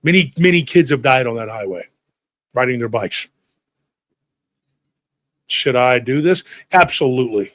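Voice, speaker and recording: A man's voice: medium pitch, expressive, unhurried, long pauses, fairly bright tone, dry recording. A man in his forties, a podcast host telling a funny childhood story, acting out the people in it and saying "dude" a lot. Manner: acts out voices of people in his stories, swears casually, says "dude" often. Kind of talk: animated storytelling.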